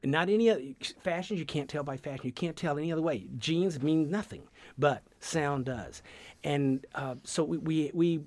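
Southern man from Georgia, radio guest, talks in looping animated stories with lots of restarts; close, dry studio sound. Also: on the high side, normal speed, hardly any pauses, dry recording. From Georgia, USA. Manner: rambling, animated storyteller with many restarts. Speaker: guest, sound effects artist. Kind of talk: radio interview conversation.

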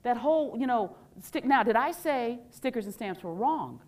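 A woman teacher gives an animated workshop talk, quizzing her audience and acting out phrases. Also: a little high, normal speed. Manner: animated, quizzes the audience with call-and-response questions; acts out quoted phrases in playful voices. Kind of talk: live interactive workshop talk.

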